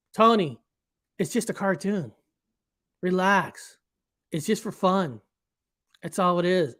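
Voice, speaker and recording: A man's voice: high voice, a bit bright. Rambling man with casual commentary. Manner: rambling, with many restarts and repeated words. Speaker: cartoon creator and host.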